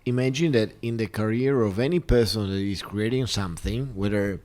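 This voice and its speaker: A man in casual chat, speaking in a measured, thoughtful way with hesitant starts. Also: on the low side, a little mellow.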